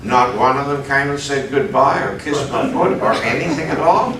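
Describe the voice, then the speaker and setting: Australian preacher in an echoey hall. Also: male voice, mid-range voice, moderate pace, very noisy. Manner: animated personal storytelling, voice jumps up for quoted exclamations. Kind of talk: sermon storytelling. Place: conference hall. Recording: echoey hall, distant mic.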